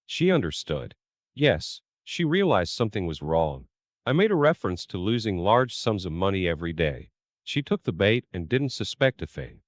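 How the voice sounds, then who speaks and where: Low, lively male storyteller voice. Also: moderate pace, no room sound, clean studio sound. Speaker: narrator. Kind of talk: first-person story narration.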